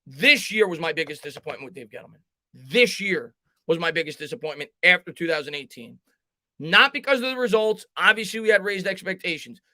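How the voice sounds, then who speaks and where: A man's voice: high voice, animated, fairly quick, bright, forceful tone, dry recording. A young man hosting a live fan sports talk stream, ranting emphatically and reading chat.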